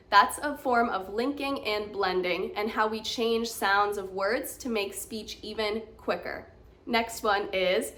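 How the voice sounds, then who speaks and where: A woman's voice: a little high, moderate pace, a bit bright. Upbeat American woman teaching accent. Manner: upbeat and encouraging, clear demonstrative examples. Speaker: accent coach. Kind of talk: teaching lesson to camera.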